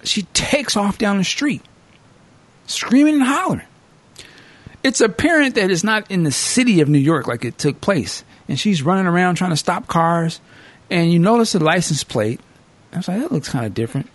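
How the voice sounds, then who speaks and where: A male podcast host casually recapping a movie as an animated storyteller who acts out the characters. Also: sits high, no echo.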